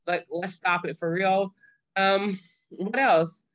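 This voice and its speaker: A woman's voice: medium pitch, fairly even intonation, slow, a bit bright, dry recording. Young woman host, casual earnest livestream talk, dry close sound. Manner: earnest and pleading, then overjoyed. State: pregnant. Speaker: show host.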